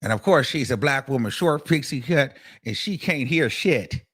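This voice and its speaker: A man hosting a casual commentary show, telling a courtroom story in with animated, profane delivery and bursts of laughter. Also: medium pitch, normal speed, slightly rough.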